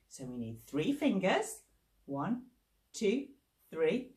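A woman librarian leading action rhymes for small children, playful and sing-song, dropping to whispers and rising to high squeals. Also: expressive, takes it slowly, a little mellow, roomy sound. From England.

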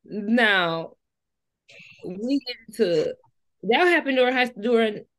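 A woman co-hosting a casual book discussion, lively and chatty, speaking to viewers. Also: on the high side, slow pace.

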